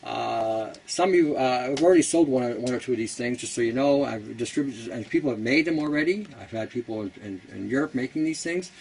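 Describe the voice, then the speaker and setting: A man's voice: medium pitch, a little fast, creaky, hardly any pauses, a little mellow, far from the mic, slight background noise, poor audio. A Canadian man hosting a casual how-to talk, blunt and rambling, who laughs at his own jokes. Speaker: host.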